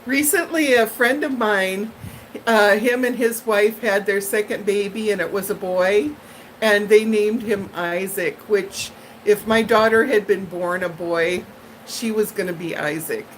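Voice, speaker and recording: A woman's voice: medium pitch, a little slow, slight background noise, poor audio. A woman hosting a live stream from home, chatting casually with viewers in a rambling, friendly way with lots of fillers. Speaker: livestream host chatting with viewers. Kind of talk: casual live-chat monologue.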